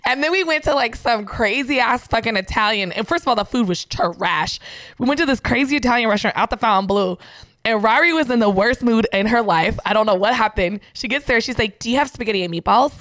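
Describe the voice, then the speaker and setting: A woman chatting with a friend, telling stories with lively impressions, frequent laughter and cursing. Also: fairly high pitch, a little fast, no room sound. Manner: animated storytelling with laughter and cursing. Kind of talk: casual chat.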